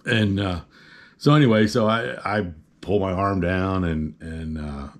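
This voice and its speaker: Deep-voiced man telling a rambling story. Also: a little slow. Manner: rambling, good-humored, lots of "uh" and "you know". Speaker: vlogger telling a personal story. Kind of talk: casual storytelling.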